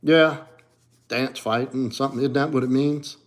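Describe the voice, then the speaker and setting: A middle-aged man with a New Orleans accent, chatting casually on a livestream as a martial arts coach, blunt and profane, dropping to low mutters and rising to animated bursts. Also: moderate pace. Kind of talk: casual livestream chat reading comments.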